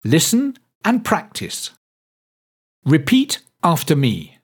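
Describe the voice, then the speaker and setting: A man narrates a pronunciation lesson at an unhurried, measured pace. His voice is somewhat husky, and his pitch leaps widely as he models each word. He draws words out slowly for listeners to repeat. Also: wildly swooping pitch. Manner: deliberate, drawn-out modelling of words for repetition. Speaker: pronunciation teacher. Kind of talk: slow, clearly enunciated lesson narration.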